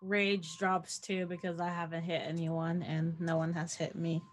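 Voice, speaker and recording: A woman's voice: on the low side, little pitch movement, measured pace. A woman player in a tabletop game, joking and teasing the others. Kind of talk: casual tabletop game play.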